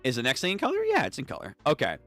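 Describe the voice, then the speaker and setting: A young man hosting a live comic read-through, reading all the parts in an animated, casual voice that swears freely. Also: medium pitch, very fast, soft background music. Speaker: streamer reading manga.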